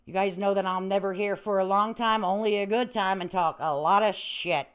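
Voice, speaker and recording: A woman's voice: medium pitch, steady tone, fairly quick, clear, resonant tone. Brash, foul-mouthed older woman on tinny audio. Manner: brash, profane and rambling. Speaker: livestream host. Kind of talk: casual livestream rant. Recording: tinny phone-like audio with static.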